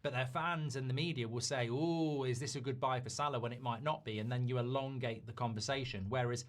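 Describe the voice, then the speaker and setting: A man giving measured football commentary, reasoning through options with the odd quick aside. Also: medium pitch, fairly even intonation. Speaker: football pundit in a played clip.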